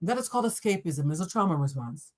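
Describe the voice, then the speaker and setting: A woman's voice: on the low side, fast talker. Woman doing a live tarot reading, chatty and blunt, cusses and talks right at her viewers. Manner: animated, talks straight to viewers, swears and laughs often. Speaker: tarot reader.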